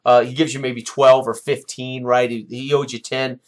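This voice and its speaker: A man narrating a tabletop game as game master, halting, with many fillers and restarts. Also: mid-range voice, little pitch movement.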